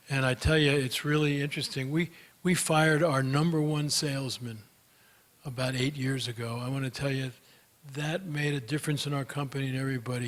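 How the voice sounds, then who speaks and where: A man speaking as a guest at a gathering, answering audience questions in a chatty, storytelling way with many fillers. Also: medium pitch. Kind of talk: conference Q&A talk.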